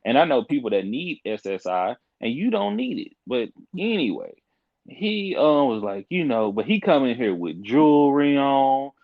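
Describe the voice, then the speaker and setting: A man's voice: mid-range voice, very animated, gravelly, dry recording, narrow, tinny audio. Emphatic young man telling a story. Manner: frank, emphatic, fast restarts. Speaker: podcast guest, court caseworker. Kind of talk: animated casual storytelling.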